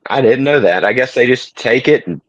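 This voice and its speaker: Podcast co-host, man, soft Southern drawl, laid-back, dry slightly dull mic. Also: medium pitch, lively intonation, brisk, no room sound. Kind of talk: casual chat.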